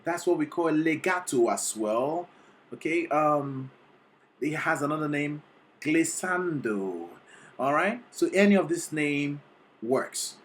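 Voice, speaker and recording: A vocal coach reacting to a singing performance, excitable and teacherly, often checking in with the listener. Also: mid-range voice, a little slow. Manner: excitable, sings short demonstrations between explanations; teacherly, keeps checking in with "okay?". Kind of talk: reaction video commentary.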